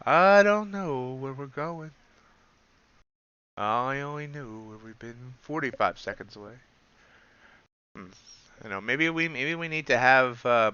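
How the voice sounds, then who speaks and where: A man's voice: medium pitch, bright, forceful tone, clear, resonant tone, dry recording, highs cut off. A man hosting a live trading stream, chatting casually and self-deprecatingly while calling out prices as they move. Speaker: livestream host and futures trader. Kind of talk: casual live market commentary.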